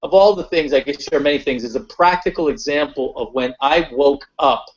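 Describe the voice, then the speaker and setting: A man's voice: on the high side, fairly quick. A man on a webinar panel telling a personal story in a conversational way, with lots of fillers and restarts. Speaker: webinar panelist and corporate consultant. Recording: dull lo-fi webinar audio.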